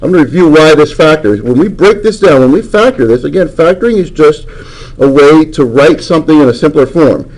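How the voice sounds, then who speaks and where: A man's voice: a little high, lively intonation, a little fast, few pauses, darkish tone, poor audio. A man teaching a math class, lecturing and coaxing answers from students with frequent questions.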